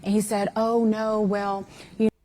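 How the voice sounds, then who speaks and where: A mother telling the story of a phone call in an interview, with halting fillers and precise details. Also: mid-range voice, level tone, dark tone. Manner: hesitant, detailed retelling with fillers. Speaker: mother recounting events. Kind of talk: interview account.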